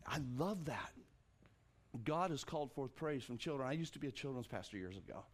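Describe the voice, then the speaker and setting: A middle-aged man preaching a sermon as pastor, animated and loose, restarting and repeating words and acting out the quotes he reads. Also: brisk. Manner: animated, acts out quotes with jumps in pitch.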